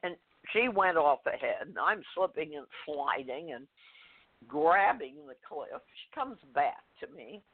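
Older woman, guest storyteller, unhurried halting delivery, full of fillers, tinny phone line. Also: sits low, big pitch swings. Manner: halting, with many fillers, restarts and soft laughs. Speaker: guest author. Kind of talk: personal storytelling in a phone interview.

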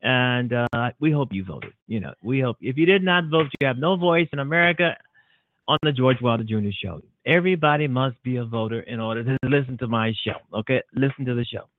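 A man's voice: mid-range voice, animated, brisk, dry recording. Male host, out of breath, repeats himself emphatically, thin phone sound. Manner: repetitive, emphatic, rambling. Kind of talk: casual internet radio talk. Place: home studio. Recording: tinny phone-like line, dry.

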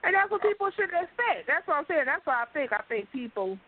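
A woman's voice: high-pitched, big pitch swings, a little fast. A woman co-hosting a radio show in casual chat, laid-back with murmured agreement. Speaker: radio co-host. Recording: phone-like narrow band.

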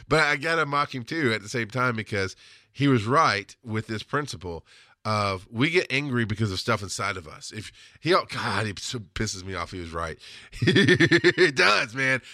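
A man's voice: mid-range voice, expressive, brisk, pushed and bright, no echo, clean studio sound. A man hosting a podcast, talking candidly in a casual monologue, laughing often and swearing freely. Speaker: podcast host.

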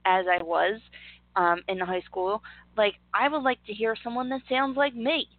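A woman's voice: fairly high pitch, steady tone, normal speed, dry recording. Candid Philly co-host woman, tinny. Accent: Philadelphia. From Northeast Philadelphia. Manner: candid, laughs easily. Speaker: radio co-host. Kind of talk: casual chat.

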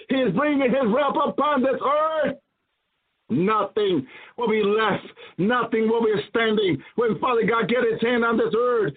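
A man preaching a prophetic sermon, fervent and repetitive, with frequent hallelujahs and praise. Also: very high-pitched. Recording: tinny phone-like audio.

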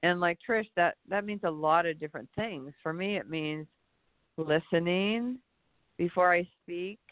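A man's voice: high-pitched, unhurried, no echo. A man co-hosting a reflective spiritual talk show, rambling and searching for his words. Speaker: podcast co-host. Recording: tinny phone-line sound.

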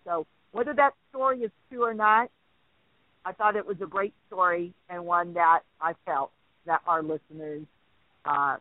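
A man hosting a talk radio show, telling a story with lively acted-out quotes. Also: high-pitched, moderate pace, dry recording. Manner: animated storyteller acting out quotes. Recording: dry tinny phone-like line.

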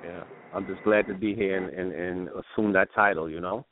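A middle-aged man calling in to a radio show, telling memories in a relaxed, "you know"-filled way. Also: low voice, moderate pace, background noise. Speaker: caller. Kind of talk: casual phone-in remembrance. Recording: tinny dry phone line.

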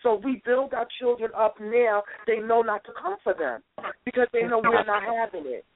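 High-voiced female caller, preachy and repetitive, thin phone audio. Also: moderate pace. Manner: preachy, repeats phrases for emphasis. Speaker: caller, guest's sister. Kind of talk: phoned-in radio chat. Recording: phone line with hiss.

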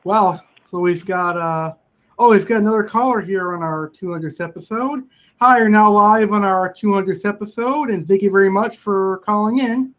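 Man host, call-in radio show, high voice, upbeat and thankful. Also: normal speed, a bit bright. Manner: upbeat, thanks callers repeatedly. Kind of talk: casual internet radio chat.

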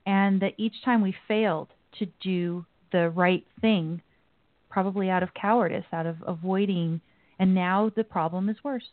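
A female talk show host giving measured, opinionated commentary. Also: medium pitch, steady tone, no echo. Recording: dry, phone-like line.

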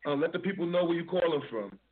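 A man's voice: fairly high pitch, lively intonation, quick pace. New radio dj guy, hype patter, repeats his catchphrases, sounds like he's on a tinny phone line. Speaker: radio show host and DJ. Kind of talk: hyped-up radio interview.

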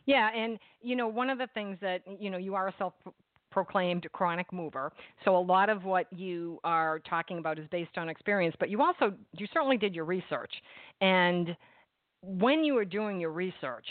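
A woman's voice: lowish voice, moderate pace, no echo. Chatty Boston woman on a phone line. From Boston area, US. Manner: chatty, animated storyteller. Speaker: interview host. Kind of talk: casual interview chat. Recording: tinny, dry phone-line audio.

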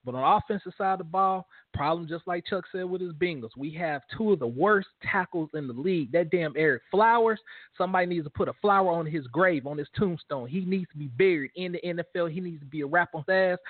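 A man's voice: fairly high pitch, lively intonation, fairly quick, no echo. A man co-hosting a sports talk show, ranting in a fired-up, blunt way. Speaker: co-host. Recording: dry, phone-like audio.

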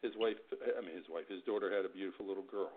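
A man's voice: deep voice, fairly even intonation, very fast, over a noisy crowd. A man hosting a talk show, giving brief, encouraging replies to a caller. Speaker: host. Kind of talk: talk radio chat. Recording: tinny phone line with noise.

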